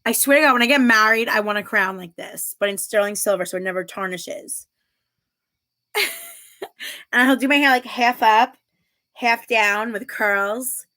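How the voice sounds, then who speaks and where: A woman's voice: fairly high pitch, normal speed, pauses often, sharp tone. A woman in her thirties hosting a casual livestream, reading viewer comments aloud and chatting, giggling often. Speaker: livestream host.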